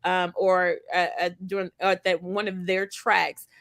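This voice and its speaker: A woman co-hosting a community livestream, telling animated stories with playful asides on a video call. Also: lowish voice, a little slow, gravelly, no echo. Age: adult with school-age children. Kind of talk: casual chat.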